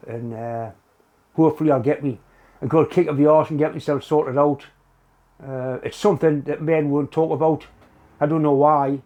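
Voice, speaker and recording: A man chatting casually to his viewers from a home workshop, candid and unhurried in the way he puts things. His voice sits at a middling pitch with a mellow, relaxed tone. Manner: candid, plain-spoken, unhurried. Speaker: workshop vlogger. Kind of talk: casual chat to camera.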